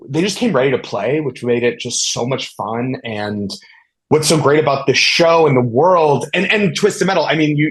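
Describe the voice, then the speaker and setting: An enthusiastic man answers interview questions as a TV showrunner, his medium-pitched voice relaxed and conversational. He rambles and restarts his sentences often. The recording is rough.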